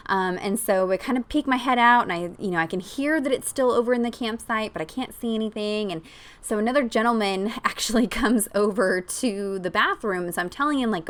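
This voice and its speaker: Woman excitedly retelling a story. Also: mid-range voice, normal speed. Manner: animated storytelling with many ums and likes. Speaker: scrapbooking vlogger. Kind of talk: casual storytelling.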